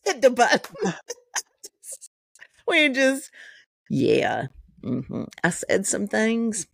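A middle-aged woman co-hosting a podcast, telling an animated story full of profanity in casual chat. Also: lowish voice, creaky, no echo, studio quality. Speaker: podcast co-host.

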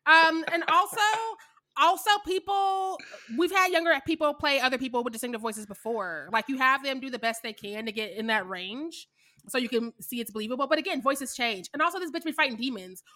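A woman's voice: sits high, fairly quick, sharp tone. A young adult woman co-hosting a podcast, chatting casually about films in an emphatic, sassy way, swearing freely and laughing often. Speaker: podcast co-host. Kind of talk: casual film chat.

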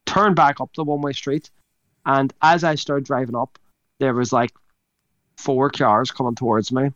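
A man's voice: medium pitch, steady tone, moderate pace, a bit bright, no echo, dull audio. Sweary man telling a story. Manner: rambling, sweary, laughs mid-sentence. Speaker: podcast co-host. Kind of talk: casual storytelling chat.

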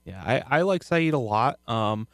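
A man chatting casually about a TV show as co-host, rambling and restarting, often trailing off quietly. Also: medium pitch, expressive, measured pace, no room sound, clean studio sound. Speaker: podcast co-host.

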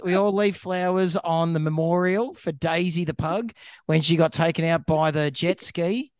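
A man's voice: on the high side, moderate pace, clear, resonant tone, no room sound. A man, a vet co-hosting a casual chat show, joking and often stumbling over his words. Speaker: veterinarian co-host.

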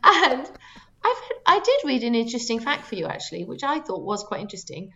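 Casual podcast co-host, a woman running a quiz with playful, animated delivery and a muffled recording. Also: brisk. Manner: playful and teasing, lively pitch jumps. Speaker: teacher. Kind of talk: casual chat.

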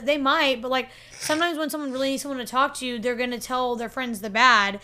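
Young female co-host: high, bright voice, lively and argumentative. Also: quick pace, slight background noise. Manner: animated, argumentative, laughs often. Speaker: debate podcast co-host. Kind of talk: casual debate chat.

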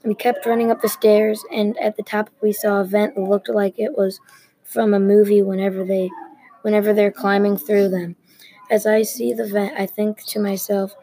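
A woman reads a story aloud in a mellow, slightly husky voice. She keeps an even, unhurried pace and stays nearly level in pitch, stumbling now and then and starting a word again. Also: rough recording. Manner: even, unhurried reading with small restarts. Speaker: story reader.

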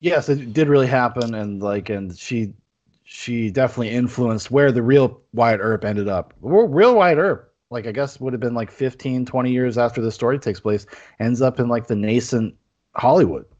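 A man's voice: medium pitch, moderate pace, darkish tone. A man hosting a casual movie review podcast, rambling with lots of fillers and restarts. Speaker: podcast host. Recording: dull lo-fi podcast audio.

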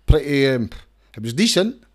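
A man's voice: mid-range voice, sing-song, normal speed. A middle-aged man with a Scottish accent, talking as an interview guest in an emphatic way, often restarting and repeating words and checking "right?". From Scotland. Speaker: campaigner and lawyer, interview guest. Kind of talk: casual interview talk.

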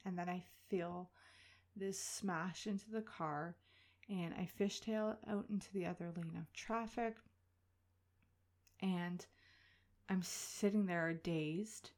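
A woman in her thirties, a podcast host chatting through a personal story in an animated way, full of filler words. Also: fairly low pitch, takes it slowly, pauses often.

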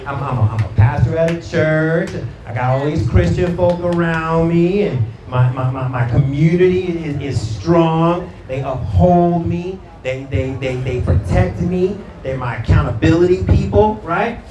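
Unhurried and with few pauses, a middle-aged Brooklyn pastor preaches in a high-leaning, mellow voice with slight background noise. His sermon is conversational, loose, and slangy, full of stories, stumbles over repeated words, and callouts to the congregation. It's recorded from afar in a roomy church hall where the crowd can be heard.

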